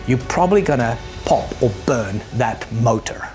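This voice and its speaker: A man teaching a sales lesson, animated, acting out the people he quotes and repeating words as he thinks aloud. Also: mid-range voice, normal speed, faint music behind. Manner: animated, acts out quoted people in raised voices. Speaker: sales trainer. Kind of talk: presenting a lesson.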